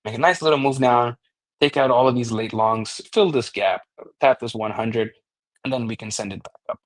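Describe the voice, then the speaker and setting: A man as a trading analyst walking through price charts in a mid-pitched, easygoing voice. He talks loosely and off the cuff, restarting phrases and dropping the odd curse. The tone is casual stream chat rather than polished delivery. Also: normal speed. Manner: loose, rambling, frequent restarts and swearing.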